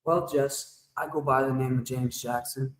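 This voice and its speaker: A man's voice: medium pitch, fairly even intonation, normal speed. Rambling joking man with echo effect. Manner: rambling, joking, talks back to chat. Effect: shower-like echo effect. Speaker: livestreamer. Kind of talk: casual livestream chat with viewers. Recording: echoey reverb effect on voice.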